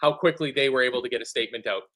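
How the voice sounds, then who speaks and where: A man co-hosting a football fan show in casual chat, animated and sweary, often acting out other people's lines. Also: medium pitch, rapid-fire. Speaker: football podcast co-host.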